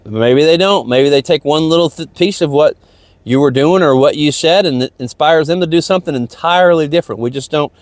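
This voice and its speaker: Brisk and fairly high-pitched, a man hosting a podcast talks through a rambling, motivational monologue outdoors near a lake, often circling back to the same points. The casual, stream-of-consciousness talk has no room sound.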